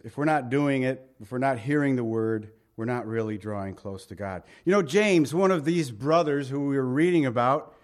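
A middle-aged man preaching a sermon in a conversational way, asking the congregation questions and swinging between emphatic and quiet lines. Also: mid-range voice. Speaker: pastor.

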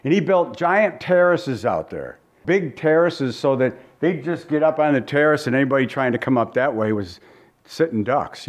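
A man preaching as a pastor, teaching verse by verse in a folksy, conversational way and often repeating his phrases. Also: mid-range voice.

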